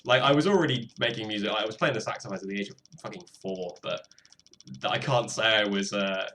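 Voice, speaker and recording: Chatty British man, bright tense voice. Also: lowish voice, fairly quick, slight background noise. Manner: chatty, self-deprecating, swears casually. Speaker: music producer streaming. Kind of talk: casual live-stream commentary. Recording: faint music behind voice.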